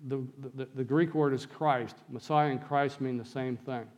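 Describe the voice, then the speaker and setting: A man's voice: mid-range voice, fairly even intonation, normal speed, darkish tone. A man preaching a sermon, explaining scripture and reading passages aloud to his congregation. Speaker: pastor.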